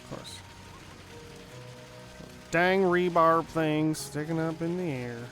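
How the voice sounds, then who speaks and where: Chill young guy drawling slow through gameplay chat, kinda high voice, music faint behind. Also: a bit bright. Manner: rambling, filler-heavy, chatty. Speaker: gaming channel host. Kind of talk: casual gameplay commentary.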